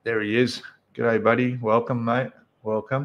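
A man's voice: medium pitch, fairly even intonation, moderate pace, highs cut off. A man with an Australian accent hosting a casual live stream from his apartment, greeting viewers by name and chatting with plenty of fillers. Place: apartment room indoors.

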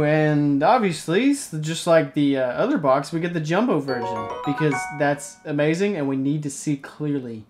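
A man hosting a casual unboxing video, talking excitedly and rambling as he opens card packs. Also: fairly high pitch. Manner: excitable, rambling, hyped reactions. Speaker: card-opening channel host.

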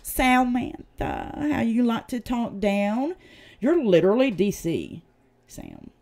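Southern woman streamer, blunt and foul-mouthed, animated pitch, casual chat delivery. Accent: Southern US, East Tennessee. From United States. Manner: blunt, profane, heated ranting. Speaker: channel host. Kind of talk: casual livestream commentary.

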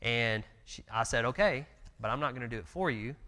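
A man in his thirties talks through a church Bible class in an earnest, conversational way, with plenty of fillers. His voice is bright and pushes forward. The recording carries the long reverb of a church hall. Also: medium pitch, lively intonation, a little fast. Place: church meeting room.

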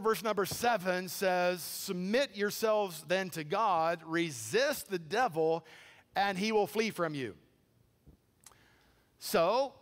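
A man preaching a sermon, telling a story with animated, incredulous quoted dialogue. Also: high-pitched. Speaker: pastor. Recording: long hall reverb.

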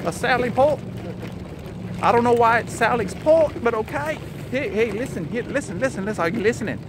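A man's voice: very high-pitched, expressive, fairly quick, background noise. A man giving playful, jokey running commentary while riding along a nature preserve trail outdoors. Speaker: vlogger.

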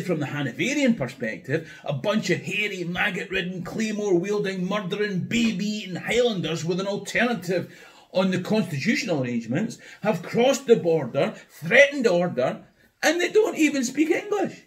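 Scottish man, history guide, sardonic delivery, pitch swinging widely, a touch high. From Scotland. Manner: wry, sardonic, building to mock outrage. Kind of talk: scripted history commentary to camera.

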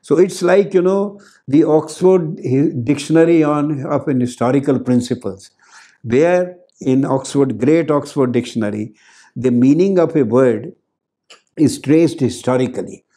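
Older man, Indian accent, professor lecturing, mellow warm tone, repeats key words. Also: on the high side, a little slow. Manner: explanatory, repeats key words, slips into Hindi asides. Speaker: professor giving a talk on grammar.

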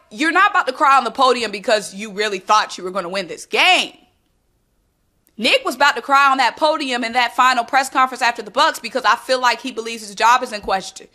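A woman's voice: on the high side, fairly quick, pushed and bright. A woman hosting a casual sports talk vlog, sassy and emphatic, repeating her points for effect. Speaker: sports commentary host.

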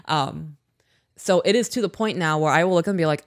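A woman's voice: low-pitched, a little fast, no room sound, studio quality. A woman co-hosting a podcast in casual chat, frank and swearing freely as she tells stories. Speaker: podcast co-host.

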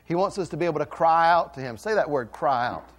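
A man's voice: a little high, lively intonation, fast. A middle-aged man, a pastor, giving a playful children's sermon and questioning the kids.

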